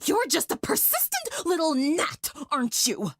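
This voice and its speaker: A woman's voice: mid-range voice, sing-song, unhurried, fairly bright tone, no room sound, studio quality. A woman voicing a cold, menacing teenage girl in a dramatic story reading. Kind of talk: dramatic fan fiction reading.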